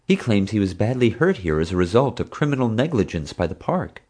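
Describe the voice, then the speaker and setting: A man reading an audiobook voices a frank, outspoken woman zookeeper in a raised, lively voice. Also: fairly low pitch, fairly quick, pitched above the performer's own voice. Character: woman zookeeper, frank, chatty young adult. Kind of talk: audiobook character voice.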